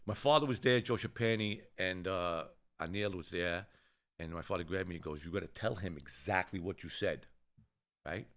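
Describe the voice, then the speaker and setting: An older man with a fairly low voice tells a story from the old neighborhood in a loose, casual way. He swears freely and slips into the voices of the people he quotes. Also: normal speed. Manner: rough-edged, swears freely, animated when quoting others. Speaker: show host telling a story.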